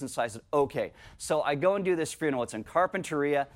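A middle-aged male pastor delivering a sermon, his voice sitting a little higher than most men's. He moves from reading scripture aloud to loose, joking asides aimed at his congregation. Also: expressive, fast, few pauses.

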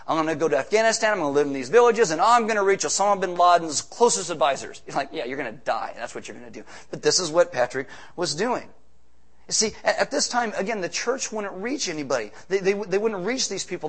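A man preaching a sermon on stage, animated, with joking asides and shouts for emphasis. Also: sits high. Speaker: pastor. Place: church stage with slides.

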